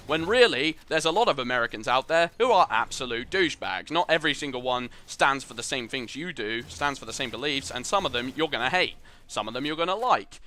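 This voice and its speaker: A man's voice: medium pitch, expressive, brisk, pushed and bright. A young man giving earnest, rambling voice-over commentary over gameplay, opinionated and full of fillers. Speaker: gaming channel host.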